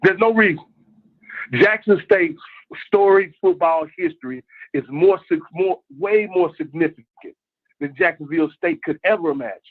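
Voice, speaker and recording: A man's voice: high voice, normal speed. A man calling in to a show, making his point insistently and repeating himself. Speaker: caller. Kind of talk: passionate call-in argument. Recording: tinny phone line.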